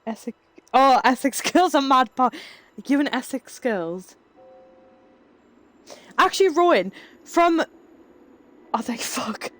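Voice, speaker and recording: A woman's voice: high-pitched, very animated, slow pace, long pauses, fairly bright tone, no echo. A young woman with a Geordie accent chatting casually with viewers on a live stream, reading chat aloud, swearing and laughing as she goes. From Northeast England.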